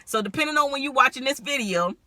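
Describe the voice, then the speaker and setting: A woman with a very bright, forward voice giving relationship advice straight to camera. She talks candidly and with animation, often breaking into laughter. The sound is close and dry, with no room around it. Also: sits high, lively intonation, quick pace, no room sound. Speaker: relationship strategist. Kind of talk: direct-to-camera advice vlog.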